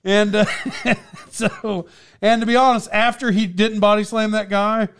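Oklahoma guy, pretty high voice, laughs thru his stories, just casual chat. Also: flat delivery, moderate pace, a bit bright, clean tone. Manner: laughs often while telling stories.

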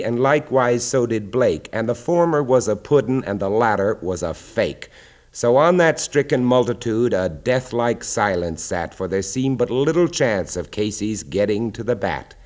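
A man recites verse at an unhurried, deliberate pace, letting his voice sink low and soft on the solemn lines. His pitch sits in an ordinary middle range, and the delivery is theatrical rather than conversational. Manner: measured, dropping low and quiet for weighty lines. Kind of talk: dramatic poetry recitation.

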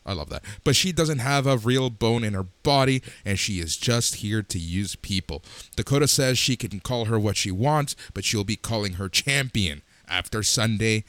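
A man hosting a podcast, briskly recapping wrestling segments and adding casual opinions. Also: on the low side, fairly bright tone, no room sound. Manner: brisk recap, plain-spoken. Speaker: podcast host.

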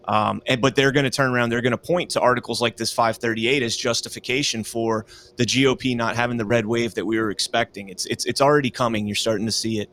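A man appearing as a guest commentator on a political livestream, explaining his points in a steady, casual way. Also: mid-range voice, fast talker, slight background noise.

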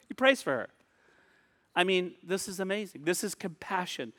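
A male pastor preaching a sermon in a conversational way, pausing and repeating phrases for emphasis. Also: sits high, animated, sharp tone. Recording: long hall reverb.

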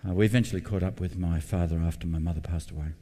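A man's voice: low voice, steady tone, rapid-fire, mellow, big-room sound. Earnest middle-aged male pastor preaching. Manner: earnest, repeats key points, tells personal stories. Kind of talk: sermon. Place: church building.

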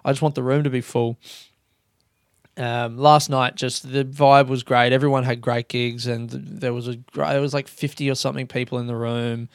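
A man's voice: mid-range voice, level tone, moderate pace, dry recording, studio quality. A young Australian man, a stand-up comedian, hosting a solo podcast monologue and swearing constantly in loose, rambling bursts.

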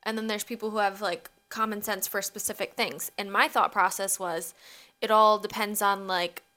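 A woman's voice: medium pitch, steady tone, moderate pace, sharp tone. A young woman co-hosting a podcast in casual chat, filling with ums and likes. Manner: chatty, lots of ums and likes. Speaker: podcast co-host.

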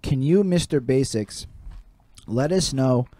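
A man's voice: medium pitch, animated, takes it slowly, dark tone, a little hiss or hum. A man hosting an interview show from his home, talking loose and profane with plenty of slang. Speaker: host. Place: home room.

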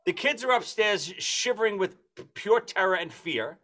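A man telling a comic story among friends, acting out the voices of the people in it with shrill squeals. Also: expressive, normal speed, bright, forceful tone. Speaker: podcast host telling a story.

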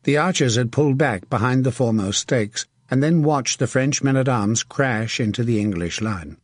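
A man reads scripted audiobook narration in a steady, measured voice of middle pitch. His tone is husky and slightly breathy. The recording is dry and close, with no room sound. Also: no room sound.

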